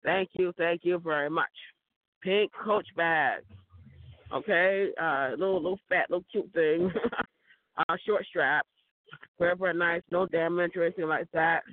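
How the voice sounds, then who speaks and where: A hoarse woman with a cold, rambling casually and repeating herself with chuckles. The sound is thin and phone-like. It is dry, with no room echo. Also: lowish voice, unhurried. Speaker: vlogger. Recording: tinny phone-like dry recording.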